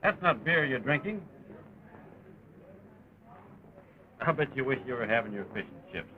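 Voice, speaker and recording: An actor in a 1930 film playing a brash young soldier on leave, speaking in a breezy, teasing way with hesitant filler sounds. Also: male voice, medium pitch, lively intonation, fast talker, background noise, lightly acted. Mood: playful. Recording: muffled early sound-film audio.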